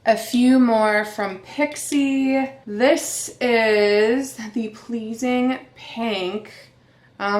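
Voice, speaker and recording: A woman's voice: lowish voice, echoey room. A woman in her thirties, a beauty vlogger chatting candidly to viewers at home. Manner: chatty, candid, addresses viewers as you guys. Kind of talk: casual chat.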